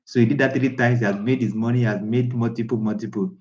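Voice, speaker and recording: A man's voice: medium pitch, steady tone, brisk, darkish tone, muffled recording. A man who coaches traders in a casual live class, talking in an emphatic, repetitive, preachy way. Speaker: trading coach.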